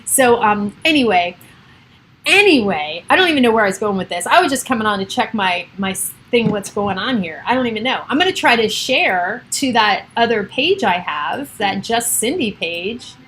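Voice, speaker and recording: A woman's voice: medium pitch, expressive, moderate pace, fairly bright tone, slight background noise. A middle-aged woman chatting on a casual home livestream, giggly and wandering off topic. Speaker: realtor livestreaming to followers. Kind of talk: rambling casual livestream chat.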